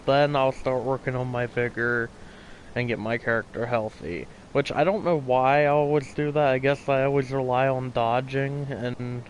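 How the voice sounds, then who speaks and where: Man, gaming voiceover, casual, rambling, tired, mid-range voice, faint background noise. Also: mid-range voice. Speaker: gaming channel host. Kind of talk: casual gameplay voiceover commentary.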